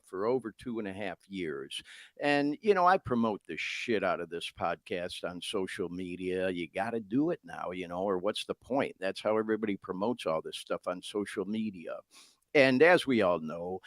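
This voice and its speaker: A man's voice: fairly low pitch, dry recording, studio quality. Candid, profane middle-aged man hosting a podcast. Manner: candid and profane, talks straight to listeners. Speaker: podcast host. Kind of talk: casual podcast monologue.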